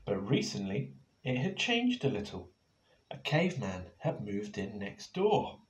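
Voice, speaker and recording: A man reading his picture book aloud to children in a playful, expressive way, now and then turning to ask them questions. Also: fairly low pitch, a little slow. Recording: echoey room.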